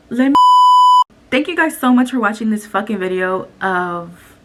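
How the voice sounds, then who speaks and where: Her mid-range voice is expressive and moderately paced as this young woman tells a story for a casual vlog at home. She vents in a blunt, profane way, recorded on a camera mic with faint noise behind her.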